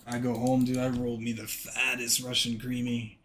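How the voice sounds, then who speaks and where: A man's voice: mid-range voice, monotone, fast talker, few pauses, fairly bright tone, a little hiss or hum. A man streaming a game, telling a story casually and animatedly, swearing freely and acting out the dialogue.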